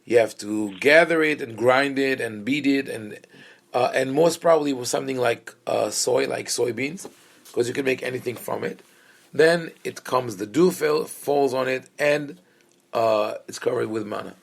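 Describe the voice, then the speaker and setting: A man gives a relaxed Bible class as a rabbi, his voice gravelly at a middling pitch. He thinks aloud, pausing often on fillers, and drops wry asides to the small group in front of him. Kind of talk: conversational Bible class lecture.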